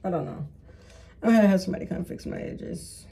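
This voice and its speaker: Woman, mellow voice, casual profane vlog chatter to viewers. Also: on the low side, wildly swooping pitch, fairly quick, creaky. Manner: frustrated, profane, talking to viewers. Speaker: beauty vlogger. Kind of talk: casual self-filmed hair vlog.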